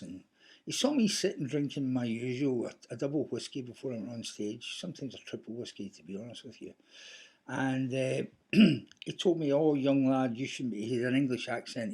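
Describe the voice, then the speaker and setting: A man's voice: medium pitch, a little mellow, husky. A Scottish man talking casually to camera in a rambling, anecdotal way. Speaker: vlogger.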